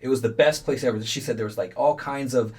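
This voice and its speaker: A young man who is a guest on a podcast tells a story in a relaxed, slangy way, swearing often. His voice is husky and pitched in the middle range. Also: fast. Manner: laid-back, swearing, slangy. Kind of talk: casual storytelling chat.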